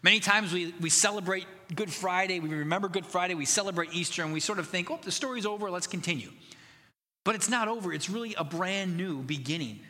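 A man's voice: sits high, quick pace, few pauses, pushed and bright, long reverb tail. A man preaching a sermon as pastor, earnest and conversational, building to emphatic passages.

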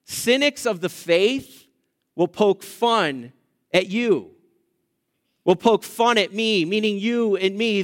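A man's voice: high-pitched, fairly bright tone, in a large hall. A male pastor preaching a sermon, emphatic and repetitive, speaking straight to his church. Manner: emphatic, repeats phrases, addresses congregation directly.

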